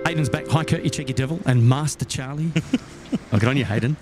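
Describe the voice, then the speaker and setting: A man's voice: medium pitch, fast talker, a little mellow, soft background music. A middle-aged Australian man hosting a live stream outdoors at night, reading viewer messages with many "uh" fillers and cheery thanks. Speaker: livestream host. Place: outdoors at an airport at night, windy. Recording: outdoor noise, wind and traffic.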